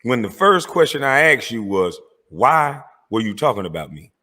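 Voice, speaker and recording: A man's voice: mid-range voice, sing-song, normal speed, sharp tone. A man delivering a heated, profane rant, confronting and calling out rivals by name. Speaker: online commentator.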